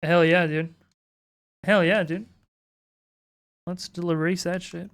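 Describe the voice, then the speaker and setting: Drawing on stream, a woman with a fairly low, steady voice talks slowly to her chat, cursing without restraint and poking fun at herself.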